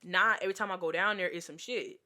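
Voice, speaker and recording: A woman's voice: fairly low pitch, fast, pushed and bright. A young woman telling a casual storytime vlog, chatty and exasperated, with lots of filler words. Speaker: vlogger.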